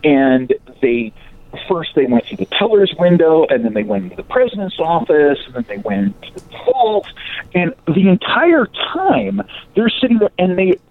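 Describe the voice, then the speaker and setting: A man casually telling a local history story, acting out the people in it with lively quoted voices. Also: high voice, normal speed, vocal fry, dry recording. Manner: animated, acts out quoted voices. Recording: tinny phone-like sound.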